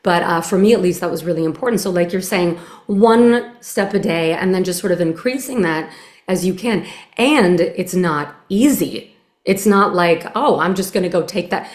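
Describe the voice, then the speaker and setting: Female interview host, lowish voice, earnest and reflective; roomy echo on the recording. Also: moderate pace, a little mellow. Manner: earnest, reflective, many quoted inner thoughts. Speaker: podcast host. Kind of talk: conversational interview.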